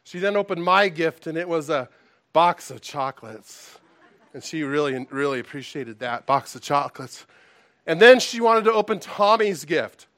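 Relaxed joking pastor, man. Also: fairly high pitch, moderate pace, no echo. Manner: relaxed, self-deprecating, joking. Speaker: pastor leading a church gathering. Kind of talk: casual sermon with a told joke.

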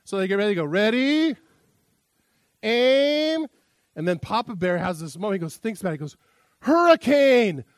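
A pastor with a high voice races through a casual sermon with hardly any pauses, speaking in a loose, conversational, self-amused way and opening with a joke. There's no room sound on the recording.

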